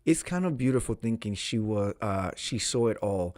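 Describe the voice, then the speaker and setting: A man's voice: lowish voice, lively intonation, moderate pace, a little mellow, no echo, clean studio sound. A man hosting a casual show, reading confessions aloud with campy, sassy asides. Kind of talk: casual chat.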